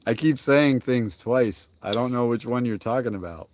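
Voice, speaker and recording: A man's voice: medium pitch, normal speed, a little mellow, slight background noise. A young man hosting a casual live stream while grilling outdoors, rambling along and greeting viewers by name. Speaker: livestream cooking host.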